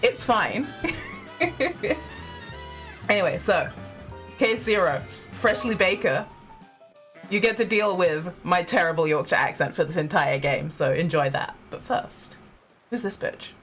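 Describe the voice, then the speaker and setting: A young woman streaming a game, chatty and self-deprecating, breaking into giggles between remarks. Her pitch bounces widely as she talks, and faint game music plays underneath. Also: lively intonation, measured pace, long pauses, a bit bright. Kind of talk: casual live-stream chat.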